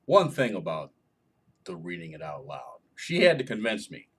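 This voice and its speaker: A man's voice: deep voice, wildly swooping pitch, normal speed, breathy edge. A man co-author answering reader questions in a casual chat, explaining things in a jokey way.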